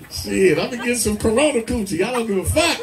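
A man doing a crude, rowdy stand-up set full of loud character bits. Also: extremely high pitch. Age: 40s. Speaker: stand-up comedian. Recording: live club mic, distant with crowd noise.

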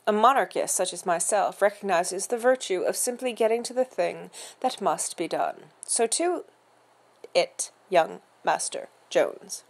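A woman voicing a stiff, pompous male butler who speaks in a formal, slow and precise way. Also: mid-range voice, vocal fry. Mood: stiffly formal. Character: stiff, pompous middle-aged male English-style butler.

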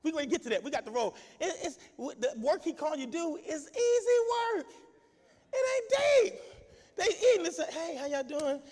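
A male pastor preaching an exuberant sermon, shouting and calling out to his congregation for responses. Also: extremely high pitch, animated, a little fast, in a large hall. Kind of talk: lively sermon with call and response.

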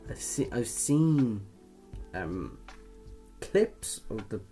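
A man's voice: fairly low pitch, very animated, very slow, dark tone, soft background music. A young man from Ireland doing casual quiz commentary, chatty, swearing casually and laughing at his own jokes. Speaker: video creator.

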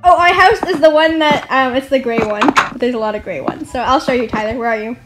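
A young woman hosting her own channel, chatting casually and excitedly with friends while they play a game, often giggling. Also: high voice, fast talker, very noisy. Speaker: channel host. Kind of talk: casual chat while gaming.

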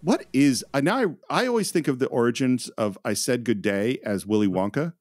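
A man's voice: mid-range voice, lively intonation, brisk, darkish tone, no echo, clean studio sound. A man hosting a casual film podcast, enthusiastically retelling scenes and laughing often. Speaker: podcast host.

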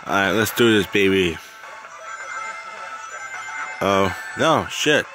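A man's voice: low-pitched, lively intonation, slow, over music. A man in a casual fan video, talking loosely and unscripted, swearing and exclaiming while he plays a game. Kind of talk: playful toy role-play and gaming chat.

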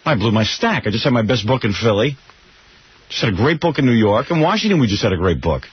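A man's voice: mid-range voice, big pitch swings, fast, breathy edge. A man hosting morning radio talk, blunt and sarcastic, ranting about his ratings. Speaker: radio host. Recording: dull lo-fi radio broadcast.

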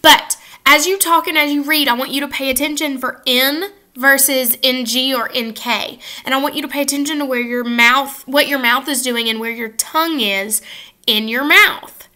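A woman's voice: sits high, normal speed, sharp tone. A woman teaching a first grade phonics lesson to children, upbeat and modeling sounds for them to repeat. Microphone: facing camera at close range.

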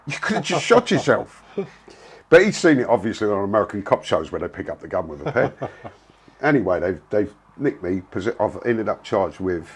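A man's voice: lowish voice, big pitch swings, moderate pace, breathy edge. A man, telling a story in a blunt, casual way, full of slang and swearing. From England. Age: 60s. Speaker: interviewee.

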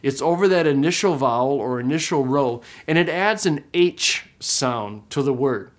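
A man's voice: medium pitch, lively intonation. Patient male Greek teacher lecturing. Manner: patient, checks in with "okay?"; repeats words slowly to model pronunciation. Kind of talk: classroom lecture.

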